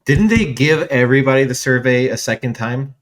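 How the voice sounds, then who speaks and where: A man hosting an interview, asking questions in a relaxed, hesitant way and sharing his own memories. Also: medium pitch, a little fast. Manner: relaxed, hesitant with fillers and brief laughs. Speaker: interview host. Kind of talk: conversational interview.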